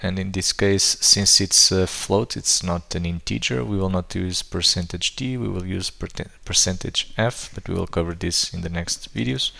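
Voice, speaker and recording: A man's voice: low-pitched, moderate pace, creaky, few pauses, bright, forceful tone. A man walking through code step by step in a tutorial, thinking aloud with frequent fillers and restarts. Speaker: programming tutor. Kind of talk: screen-recorded coding tutorial.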